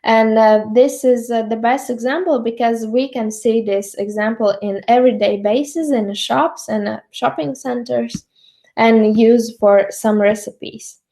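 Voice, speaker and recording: A woman's voice: on the high side, steady tone, mellow. A young woman with a Latvian accent giving a slide lecture, with frequent ums and uhs. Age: young adult. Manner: many ums and uhs, measured.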